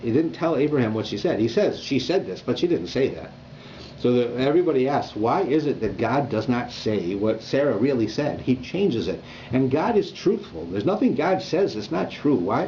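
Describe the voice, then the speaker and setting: A rabbi teaches a Torah class with an easygoing, animated manner and keeps checking in with his listeners. His voice is mellow and dark. The recording is dull and lo-fi, with faint noise behind him. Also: medium pitch, moderate pace. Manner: conversational, animated, with repeated "right?" checks.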